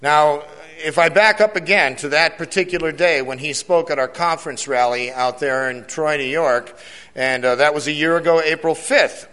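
Bright and forceful, this slightly high voice belongs to a church elder speaking at a moderate pace. He offers an earnest testimony to the congregation, repeating key lines and questioning the crowd, and the church hall adds long reverb.

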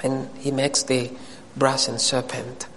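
A man's voice: medium pitch, level tone, takes it slowly, fairly bright tone, big-room sound, a little hiss or hum, rough recording. A man preaching a sermon to a congregation, addressing them directly and rising into emphatic questions.

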